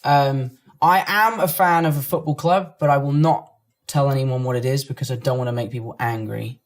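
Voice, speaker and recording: A London man with a London accent jokes and chats casually while reacting to fan comments about himself online. His mid-range voice moves at a moderate pace with fairly even intonation.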